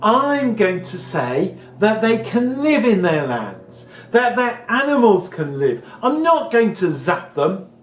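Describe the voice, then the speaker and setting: A man voicing a gentle, patient God who reasons kindly, recorded in an echoey room. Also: high voice, sing-song, slow, hardly any pauses, heavily acted. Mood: forgiving.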